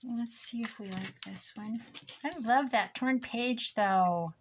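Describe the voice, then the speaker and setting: A woman's voice: fairly high pitch, takes it slowly, a little hiss or hum. A tired woman chatting casually to herself and her viewers while crafting at home, muttering and joking at her own expense. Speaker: crafting vlogger.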